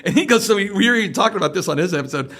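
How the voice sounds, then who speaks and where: A middle-aged male podcast host tells stories in a relaxed, chatty way. His voice sits a little high for a man and swings widely in pitch. He keeps checking in with the listener with a quick "right?". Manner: storytelling, tags lines with "right?". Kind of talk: casual interview chat.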